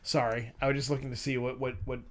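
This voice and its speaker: A man's voice: medium pitch, little pitch movement, quick pace. A man co-hosting a casual chat show, talking hesitantly with lots of fillers. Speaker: podcast co-host. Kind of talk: casual banter with friends.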